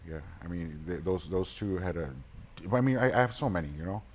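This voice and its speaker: A man's voice: deep voice, lively intonation, fairly quick, slight background noise. A man answering a talk show host's questions in a TV studio, stumbling and repeating words. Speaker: guest, political candidate. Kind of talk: casual interview answers.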